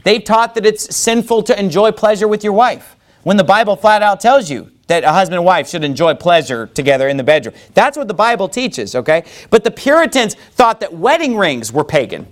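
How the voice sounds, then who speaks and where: A man's voice: high-pitched, lively intonation, brisk. A man preaching a sermon in church, firing rhetorical questions at the congregation. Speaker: pastor.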